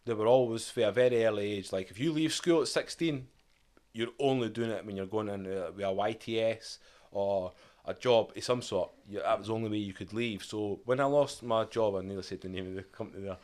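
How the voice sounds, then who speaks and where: A Scottish man in his thirties, guesting on a podcast, tells his life story in a casual interview. His voice sits on the low side, a little mellow and a little fast, and he's candid and reflective, quoting his younger self and his family.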